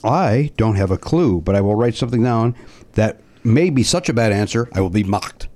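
A man co-hosting a podcast, riffing in an animated, profane, jokey way. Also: lowish voice, normal speed. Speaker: podcast co-host. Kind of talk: casual podcast banter.

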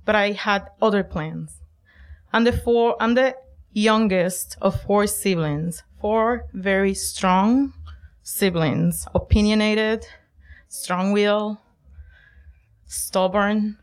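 A middle-aged woman from Puerto Rico telling a personal story, lively and emphatic, acting out quoted lines. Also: medium pitch, clean tone. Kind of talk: personal story told to an audience.

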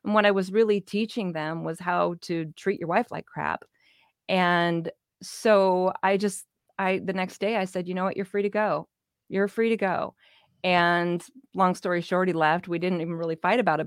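A middle-aged woman with a fairly low voice tells her story as an interview guest, animated and casual, often playing out what people said. The sound is dry and close, with no room echo. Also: normal speed. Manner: animated, acts out quoted dialogue, laughs often. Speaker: interview guest, business owner.

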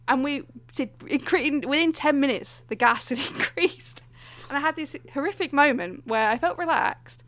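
A woman's voice: high-pitched, fairly bright tone, no echo. A young woman telling a story in casual chat, acting out other people's lines with lots of laughter.

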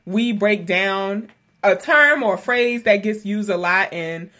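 A woman's voice: mid-range voice, takes it slowly, pushed and bright. Chatty woman podcast host. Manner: chatty, laughs often, lots of fillers. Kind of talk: casual conversational podcast.

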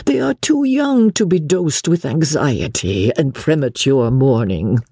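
A woman voicing a bluff, coarse-mannered English noblewoman with blunt, loud bluster. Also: sits low, animated, measured pace, husky, dry recording, studio quality, exaggerated voice.

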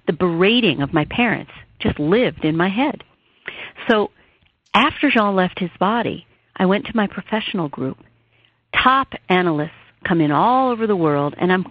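A woman's voice: fairly low pitch, no echo. Heartfelt woman guest over a phone line. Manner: earnest, heartfelt, rises and falls with emotion. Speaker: author and therapist guest. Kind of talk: emotional personal storytelling interview.

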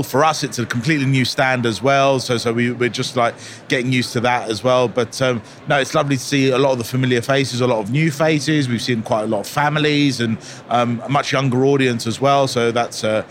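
A man's voice: mid-range voice, fairly even intonation, a little fast, a bit bright, slight background noise. Hesitant man at a trade show. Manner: hesitant, many ums. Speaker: brand representative. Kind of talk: casual interview. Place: exhibition stand.

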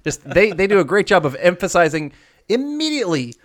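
A man's voice: high-pitched, sing-song, brisk. A man in his thirties co-hosting a podcast, chatting casually through a movie breakdown and laughing often. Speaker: podcast co-host.

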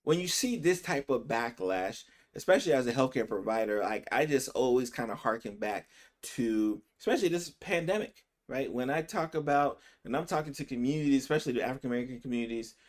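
A man's voice: medium pitch, lively intonation. Chatty man physician hosting a podcast. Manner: conversational, often checks in with "right?"; speeds up and slows down to stress words. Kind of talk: casual opinion commentary.

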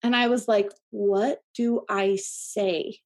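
A woman in her thirties, an interview guest, telling a personal story in a chatty, animated way with many fillers and laughs. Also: mid-range voice, slow. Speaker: podcast guest.

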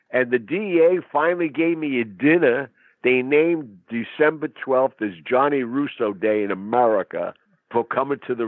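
A husky man telling a dramatic story in conversation, acting out quotes in a tough-talking way. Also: medium pitch, no echo. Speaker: interview guest. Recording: phone-like narrow sound, dry.

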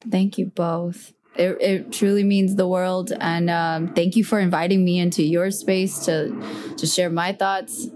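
Mellow-voiced, affirming woman. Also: on the low side, little pitch movement, measured pace, slight background noise. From US Bay Area. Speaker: podcast guest. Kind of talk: podcast conversation.

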